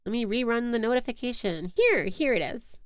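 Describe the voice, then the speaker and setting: A woman's voice: a little high, lively intonation, fairly quick, clean tone, dry recording. A young woman streaming a game, chatting casually in a giggly, self-mocking way into a close mic. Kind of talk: casual live-stream chat.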